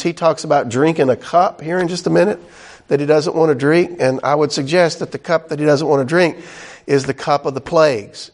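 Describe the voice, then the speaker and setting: A man preaching a verse-by-verse sermon. His voice sits a little high for a man. He talks loosely and conversationally, with plenty of "uh"s and "right?" tag questions. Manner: conversational, filler-heavy with frequent "right?" asides. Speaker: pastor. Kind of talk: sermon, verse-by-verse Bible teaching.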